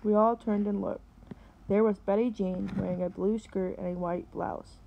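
A woman, a teacher, reading a novel aloud and pausing to explain words. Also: mid-range voice, steady tone, gravelly, lo-fi sound, slight background noise.

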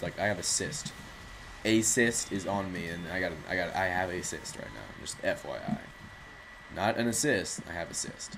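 A man with a fairly low voice gives live gameplay commentary. He rambles through jokes and self-mocking asides. Faint noise sits under his voice. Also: normal speed, rough recording. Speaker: gaming channel host.

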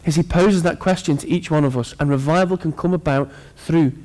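Male preacher, slightly higher voice, sermon delivery, earnest with joking asides to the congregation. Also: fairly quick, darkish tone.

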